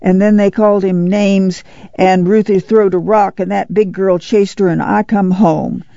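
A man's voice: sits high, a little slow, gravelly, mellow, no room sound, dull audio. A man reading aloud voices an eager young country boy who tumbles through his story. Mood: breathless.

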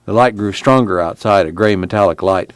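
A man narrating a novel in a steady, measured reading. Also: fairly low pitch, no echo. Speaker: audiobook narrator. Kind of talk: scripted narration.

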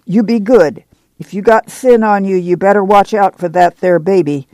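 A man's voice: sits high, a little slow, vocal fry, dark tone, no room sound. A man voicing a fierce, pious, stocky older woman with a who scolds and preaches warnings. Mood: scolding.

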